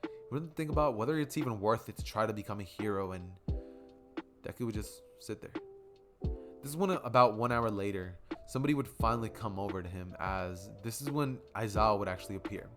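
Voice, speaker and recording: A man's voice: fairly low pitch, brisk. Rambling male storyteller over music. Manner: rambling, filler-heavy. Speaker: fan story narrator. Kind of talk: casual storytelling narration.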